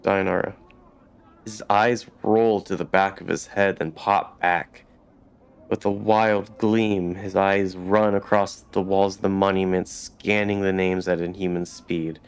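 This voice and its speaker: Creaky-voiced man reading game text. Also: deep voice, level tone, a little slow. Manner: reads narration, stops to comment casually. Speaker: let's play host.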